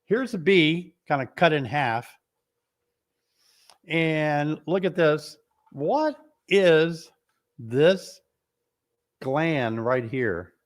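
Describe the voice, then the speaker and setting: A middle-aged man hosting a casual beekeeping live stream, playful and teasing, short of breath and coughing from an illness. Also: a little high. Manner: playful, teasing, with animated exclamations. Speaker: beekeeping host.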